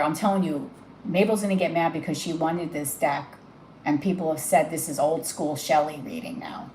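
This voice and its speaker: A woman's voice: low-pitched, fairly even intonation, normal speed, darkish tone, echoey room, a little hiss or hum, low-quality recording. Emotional woman reading tarot live. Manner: emotional, gushing, talks straight to the viewer. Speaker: tarot reader.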